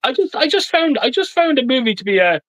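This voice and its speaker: A man hosts a casual movie chat over a video call, blunt and swearing often, tripping over his restarts. His voice sits high for a man, and the sound is dry and close with no room in it. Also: sing-song, quick pace, fairly bright tone, no echo. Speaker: live stream host.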